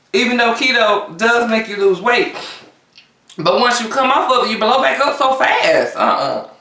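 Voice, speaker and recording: A woman vlogger chatting casually to camera between bites, often pausing on long hums. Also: medium pitch, fairly bright tone. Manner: chatty, talks between bites with drawn-out mms. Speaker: mukbang vlogger. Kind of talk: casual eating chat to camera. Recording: roomy sound from a distance.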